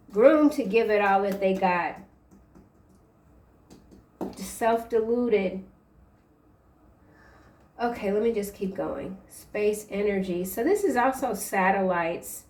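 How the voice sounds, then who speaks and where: Slow, rambling woman tarot reader, echoey. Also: medium pitch, darkish tone, distant mic. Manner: rambling, halting stream of card interpretations. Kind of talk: casual tarot reading to camera.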